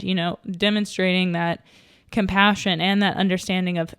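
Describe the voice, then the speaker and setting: A young woman talks on her podcast in a loose, thinking-aloud way, full of fillers, restarts and small laughs. Her voice sits a little low and sounds smooth and clear. She is slightly out of breath, recorded close and dry with no room sound. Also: little pitch movement, moderate pace, fairly bright tone, no echo. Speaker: podcast host. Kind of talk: casual solo podcast talk.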